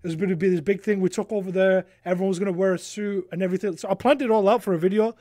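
A young man, a podcast guest, telling a rambling, animated story in casual chat, swearing freely. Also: sits high, rapid-fire, dry recording, clean studio sound.

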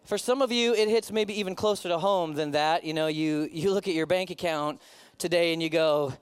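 A middle-aged man preaching as a pastor, conversational and animated, with joking asides to the congregation. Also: on the high side, fairly quick, clean tone. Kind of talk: sermon.

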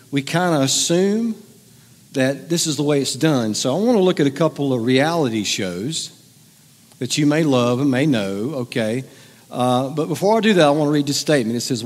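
A middle-aged man preaching a sermon to a congregation, conversational and joking, teasing his listeners. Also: medium pitch. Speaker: pastor. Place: church hall with audience. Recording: reverberant hall.

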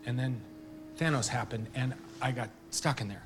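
An actor playing an awkward, excitable adult man who rambles and cuts himself off, in a film clip. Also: medium pitch, natural voice. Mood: rambling. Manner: halting, self-interrupting, nervous excitement. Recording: film clip over music score.

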